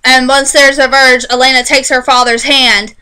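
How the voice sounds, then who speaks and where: A woman casually recapping a TV episode in a chatty, animated way, often restarting her sentences. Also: high-pitched, normal speed, clear, resonant tone, low-quality recording. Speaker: TV show reviewer.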